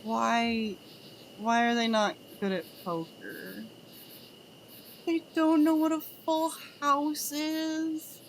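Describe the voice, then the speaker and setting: A woman's voice: high voice, slow pace, a bit bright, slight background noise. A woman streamer chatting casually with her chat, telling groan-worthy jokes and giggling at them.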